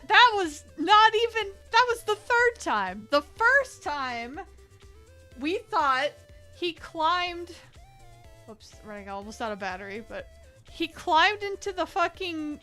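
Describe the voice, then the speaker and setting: Young woman art streamer, casual rambling chat, bright and a bit high, cusses a lot. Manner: rambling, swears freely, laughs often. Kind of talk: casual chat while drawing.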